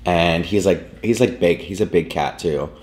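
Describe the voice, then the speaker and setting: A man's voice: deep voice, normal speed, a little mellow. A man vlogger rambling through a casual story at home, full of "like" and fillers. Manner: rambling, filler-heavy, lots of "like". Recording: echoey room.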